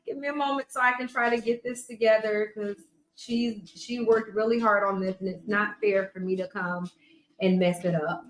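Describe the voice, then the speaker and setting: A woman podcast coach talking casually to her viewers, chatty and emphatic, with quiet asides. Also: mid-range voice, fairly even intonation, normal speed, roomy sound, low-quality recording. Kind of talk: casual promotional talk to camera.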